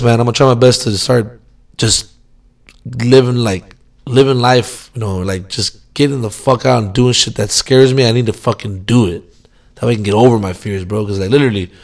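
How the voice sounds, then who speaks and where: A man's voice: medium pitch, vocal fry. A young man rambling in a casual vlog monologue, swearing constantly and mocking himself with loose filler-heavy talk. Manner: profane, self-mocking, rambling with many fillers. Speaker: vlogger.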